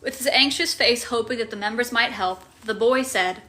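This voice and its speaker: A woman's voice: on the high side, normal speed, sharp tone. A woman casually recapping a story on a livestream, playful and loose, swearing and making sound effects. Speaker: streamer recapping game lore.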